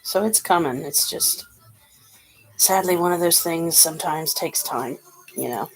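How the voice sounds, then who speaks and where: A woman's voice: low voice, unhurried, soft background music, poor audio. A woman giving a casual tarot card reading, chatty and rambling, with lots of fillers. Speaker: tarot reader.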